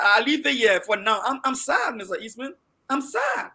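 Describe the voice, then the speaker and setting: Emotional Liberian man, high bright voice. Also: big pitch swings, moderate pace. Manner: emotional, repeats words, rises to shouting. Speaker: debate panelist. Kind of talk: heated panel debate.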